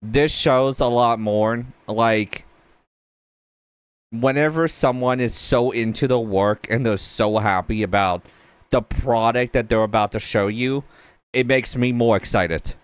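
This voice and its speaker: A man hosting a casual reaction to game trailers, excitable, laughing often and swearing freely. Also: medium pitch, measured pace, clear, resonant tone, dry recording. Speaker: gaming reaction host.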